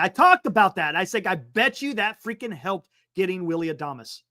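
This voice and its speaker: A man hosting a sports talk livestream, reading an article aloud and breaking off for quick excited asides. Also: high-pitched. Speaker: sports talk show host. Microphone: streaming setup microphone.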